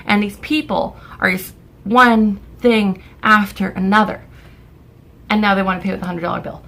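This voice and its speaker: Exasperated young woman ranting with a gravelly edge. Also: mid-range voice, fairly even intonation, brisk, a bit bright. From Canada. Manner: exasperated ranting storyteller, swears freely. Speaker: vlogger. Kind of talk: casual storytime vlog.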